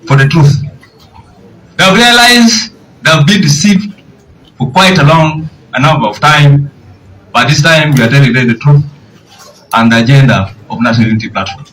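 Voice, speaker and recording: Ugandan party official at a press brief, raised pitch, faint noise around. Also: male voice, fairly bright tone, low-quality recording. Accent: Ugandan English. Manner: indignant, asks pointed questions.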